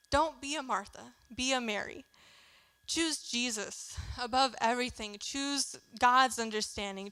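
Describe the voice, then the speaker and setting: A woman's voice: a little high, sharp tone, clean tone, no echo. A young woman giving a candid, chatty youth sermon in a church, laughing often as she talks. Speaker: youth speaker.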